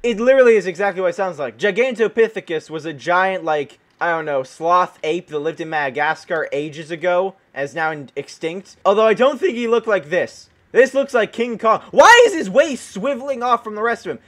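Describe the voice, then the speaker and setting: A man hosting gameplay commentary, excitable and dramatic, often yelping and exclaiming with joking mock outrage. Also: sits high, normal speed. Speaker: gaming video host.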